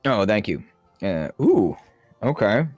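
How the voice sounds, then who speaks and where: Excitable swearing man at a game table. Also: on the low side, slow, dry recording, soft background music. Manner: excitable, swears, laughs often. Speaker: player. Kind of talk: casual tabletop play.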